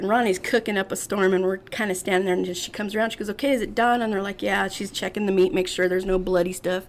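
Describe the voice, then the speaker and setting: A woman in her fifties, guesting on a podcast, tells a funny story, acting out other people's lines and laughing often. Her voice is mid-range, with a little hiss or hum in the recording.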